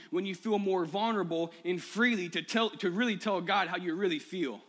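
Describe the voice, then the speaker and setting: A male pastor preaching a personal sermon to his church, moving from quiet confession to impassioned, rising appeals. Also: high voice, a little fast, hardly any pauses. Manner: personal, builds to impassioned shouting. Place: church sanctuary.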